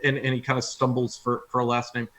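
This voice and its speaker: A man's voice: mid-range voice, monotone, fast, fairly bright tone. Hesitant man playing a tabletop game. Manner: hesitant, many fillers and restarts, chuckling. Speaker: player. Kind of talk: casual tabletop role-play talk.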